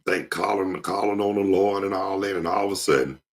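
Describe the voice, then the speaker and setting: Deep gravelly guy telling church stories casually, husky. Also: a little fast. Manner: animated, jumps into impressions. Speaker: show host. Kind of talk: casual storytelling monologue.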